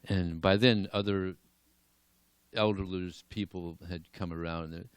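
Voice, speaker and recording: A man giving a devotional class and telling stories in an animated way, chuckling now and then. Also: low-pitched, measured pace, clear, resonant tone, dry recording. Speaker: lecturer. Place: temple hall.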